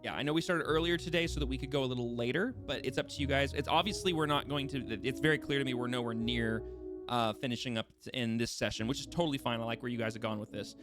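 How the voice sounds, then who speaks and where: A man's voice: mid-range voice, fast talker, music in the background. A young man running a tabletop game as game master, chatty and easygoing with many fillers, over a voice call.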